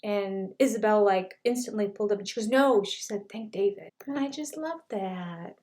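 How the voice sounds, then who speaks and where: Older woman, casual show reviewer, chatty storyteller who acts out the quotes, mid-pitched. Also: normal speed, mellow. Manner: chatty, retells scenes with quoted dialogue. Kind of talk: casual commentary.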